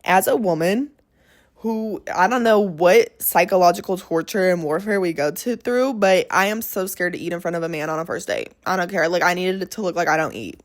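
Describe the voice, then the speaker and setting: Young woman, podcast host, chatty storytelling, dramatic asides. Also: on the low side. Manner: chatty, dramatic, quick shifts into quoted voices. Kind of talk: casual storytelling monologue.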